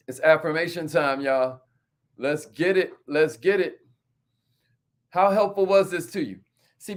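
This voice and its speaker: A man with a fairly high voice hosts a live coaching stream with energy. He repeats phrases and calls on viewers by name, speaking. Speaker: host of an entrepreneur live stream.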